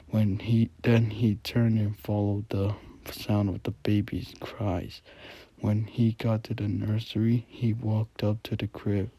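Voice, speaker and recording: A man reading a scary story aloud in a quiet whisper, adding asides and correcting himself. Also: fairly low pitch, no room sound. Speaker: channel host reading a story.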